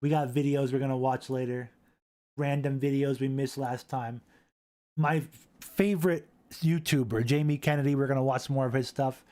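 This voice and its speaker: A man hosting a casual live stream, rambling, repeating himself and reading chat aloud into a boom-arm desk mic. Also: fairly even intonation, normal speed, dark tone.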